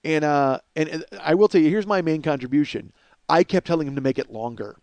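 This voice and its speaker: A man in his forties with a hoarse voice, hosting a comedic solo podcast in a rambling, profane, self-mocking way, in his home kitchen. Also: on the high side, fairly quick, darkish tone, dry recording. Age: 40s. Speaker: podcast host.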